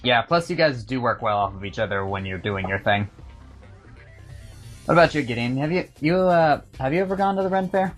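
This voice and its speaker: A man's voice: mid-range voice, expressive, brisk, soft background music. A man hosting a casual podcast chat, telling stories with many restarts and filler words. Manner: rambling storyteller with many restarts. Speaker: podcast host.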